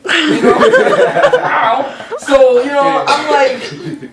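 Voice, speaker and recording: A young woman casually telling a funny story to friends, animated and profane, often laughing as she talks. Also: sits high, drawn-out words, a crowd in the background. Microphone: camera held by a friend. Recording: roomy sound from a distant camera, faint noise.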